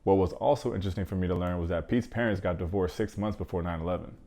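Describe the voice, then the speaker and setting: A man with a low, deep voice hosts a movie review. He talks fast and loose, in a casual, slangy way with quick joking asides. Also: mellow.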